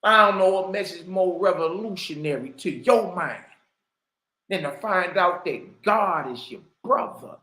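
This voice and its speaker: Speaking unhurriedly in a pushed, bright, notably high voice, this online commentator and religious teacher uses slang and drives his points with rhetorical questions. What starts as casual commentary becomes preacher-style delivery, and the sound echoes around a roomy space.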